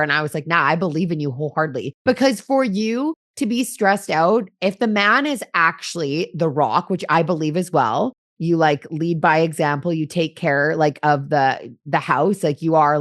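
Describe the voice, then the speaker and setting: Chatty low-voiced woman, dry sound. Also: no room sound. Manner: chatty, filler-heavy. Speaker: podcast co-host, host's partner. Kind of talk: casual chat.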